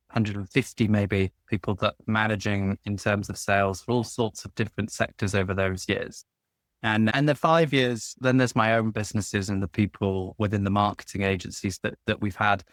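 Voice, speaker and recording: A man's voice: on the low side, dry recording. A man hosting an interview, talking reflectively through his own work experience at length. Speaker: podcast host. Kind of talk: conversational interview.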